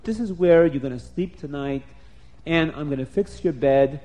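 A man's voice: a little high, moderate pace, warm tone, close to an everyday voice. A man voicing a male household servant who gives plain, matter-of-fact instructions.

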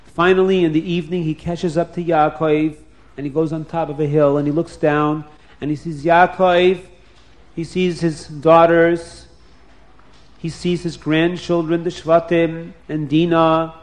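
A man narrates a story to children with lively, dramatic expression, often turning to speak to them directly. His voice sits slightly high for a man. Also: unhurried.

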